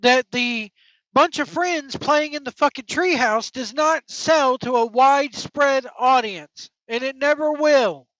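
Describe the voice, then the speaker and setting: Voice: high-pitched, measured pace, fairly bright tone, no echo. A wrestling podcast host on an angry, profane opinion rant, blunt and heated. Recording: dull lo-fi dry recording.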